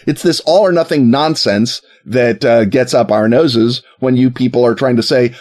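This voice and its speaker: A man's voice: medium pitch, moderate pace, a little mellow. Man, sarcastic, jokey history storyteller, casual podcast chat. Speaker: podcast co-host.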